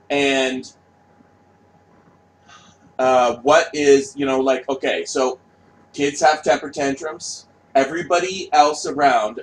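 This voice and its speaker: A man delivers a blunt, heavily profane rant straight to his audience. He circles back on words, stumbles through restarts and punctuates his points with "right?" His voice sits at a middling pitch. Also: slight background noise, poor audio. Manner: profane, blunt, repetitive, asks "right?" often. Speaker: vlogger. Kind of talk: ranting monologue.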